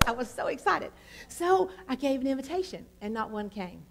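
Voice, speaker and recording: A middle-aged woman preaches, telling her story with plenty of ums and uhs. Her voice sits a bit high, and she talks in a lively, storytelling way. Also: fairly quick, slight background noise. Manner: storytelling, animated with many fillers. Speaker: pastor. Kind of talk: sermon testimony.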